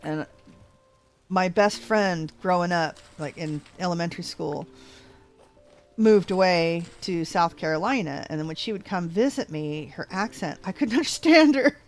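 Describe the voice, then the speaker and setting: Older west coast woman, faint drawl, lowish voice, rambling game host, music under. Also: animated, normal speed. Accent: American, slight Texas drawl. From American West Coast. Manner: rambling, chatty, self-correcting. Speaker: let's play host. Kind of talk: casual gameplay chat. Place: home, living in Georgia.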